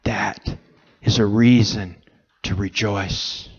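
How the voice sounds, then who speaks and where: A man preaching a sermon in a church, speaking slowly and earnestly with pauses between phrases. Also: on the low side, steady tone, slightly rough, lo-fi sound. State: emotional, choked up. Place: church sanctuary.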